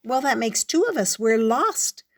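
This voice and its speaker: A woman voicing a mean, short-tempered male ant who yells and snaps in exasperation. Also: a little high, sing-song, a little slow, voice pushed up. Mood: angry, exasperated. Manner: yelling, exasperated.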